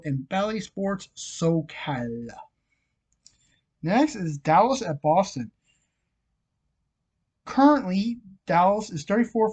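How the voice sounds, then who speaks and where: This mid-range, somewhat mellow voice belongs to a hockey vlogger fighting a frog in the throat and a persistent cough. His sports picks rundown is loose and chatty, packed with fillers as he reads off scores and odds.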